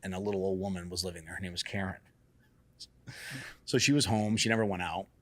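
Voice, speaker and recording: Brief: deeper-voiced man, salon owner guest, lively swearing storyteller. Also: fast talker. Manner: animated, acts out quotes in raised excited voices; casual, swears freely. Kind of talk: casual storytelling.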